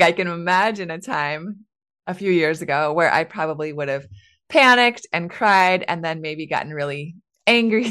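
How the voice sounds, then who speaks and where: Thirtysomething mom podcaster, chatty and candid, lotta laughs, kinda low voice. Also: female voice, a bit bright. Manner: chatty and candid, laughs often, fillers like "like" and "right". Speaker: podcast host. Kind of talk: casual solo podcast talk.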